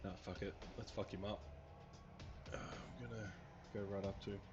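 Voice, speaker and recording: A man's voice: fairly low pitch, little pitch movement, normal speed, muffled recording, music in the background. A man playing in a tabletop game, bantering and swearing as he chats. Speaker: player. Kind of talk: casual tabletop game chat.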